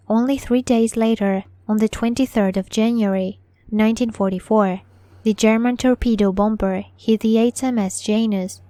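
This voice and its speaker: Female horror-story narrator, slow deliberate read, dark mellow tone, dry close recording. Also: medium pitch, no echo.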